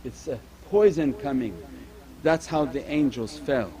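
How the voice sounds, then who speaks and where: A man's voice: mid-range voice, unhurried, warm tone, low-quality recording. A man giving an earnest Sufi sermon, repeating his points and mixing Arabic religious terms into English. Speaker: Sufi teacher.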